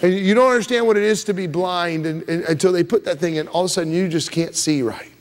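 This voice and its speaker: Man, pastor, sermon, high-pitched, emphatic, loud rises and quiet drops. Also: fast talker. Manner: emphatic, repeats words, shifts between loud rises and soft drops. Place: church sanctuary.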